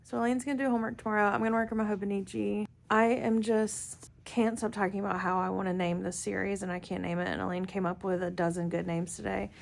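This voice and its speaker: A woman's voice: medium pitch, level tone, fast talker, creaky. A woman with a Southern US accent chatting playfully as a vlogger, laughing often. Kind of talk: casual chat.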